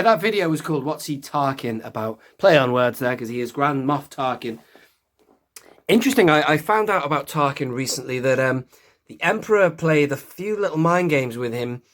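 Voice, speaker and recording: A man hosting a casual toy review vlog, chatty and rambling, with many restarts and side remarks. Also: on the high side. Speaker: toy collector host.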